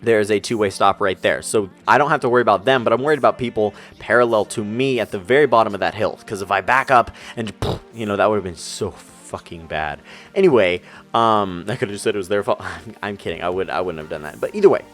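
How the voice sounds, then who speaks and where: A young man telling a story over gameplay commentary, rambling and excitable, talking fast. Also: on the low side. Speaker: gaming YouTuber. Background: faint music.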